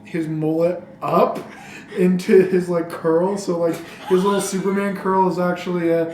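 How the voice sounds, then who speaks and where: Lower-voiced teasing woman. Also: level tone, normal speed, darkish tone. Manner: teasing, joking. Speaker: podcast co-host. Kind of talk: casual chat. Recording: echoey room with faint background hum.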